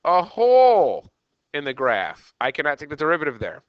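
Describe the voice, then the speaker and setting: A man teaching a math lesson as a teacher, animated and checking in with "okay" again and again. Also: medium pitch, fast, no room sound, dull audio. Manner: animated, repeats "okay" often. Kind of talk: classroom lecture.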